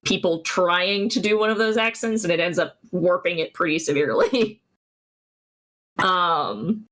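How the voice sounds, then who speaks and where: A woman's voice: on the low side, a little slow, a bit bright. A woman, streaming and chatting casually, rambling with many restarts and giggles.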